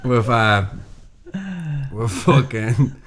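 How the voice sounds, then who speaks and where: A man's voice: mid-range voice, steady tone, drawn-out words, a bit bright. A young man with a Northern Irish accent in casual chat, rambling, swearing and acting out what people say. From Northern Ireland. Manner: rambling, sweary, acts out quotes.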